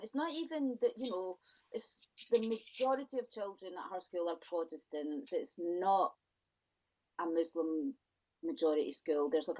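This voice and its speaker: Outspoken woman on a dull lo-fi line. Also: fairly low pitch. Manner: outspoken, exasperated, quick asides. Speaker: podcast guest. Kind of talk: casual interview chat. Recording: dull lo-fi audio.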